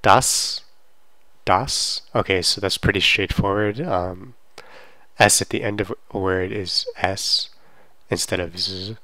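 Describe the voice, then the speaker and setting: A man teaching a German pronunciation lesson, repeating words slowly to demonstrate them. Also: sits low, steady tone, sharp tone, no echo. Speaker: language teacher.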